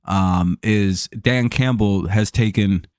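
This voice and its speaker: A man's voice: lowish voice, takes it slowly, darkish tone, dry recording, clean studio sound. A young man casually talking sports on a livestream, rambling and swearing with lots of fillers and restarts, answering viewers by name. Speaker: streamer hosting a sports chat show.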